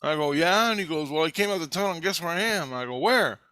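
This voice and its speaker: Talking fast and expressively, a man with a slightly high, bright, forceful voice recounts a first-person story in a casual, profane way, performing the quoted dialogue along the way. There's no room sound in the recording.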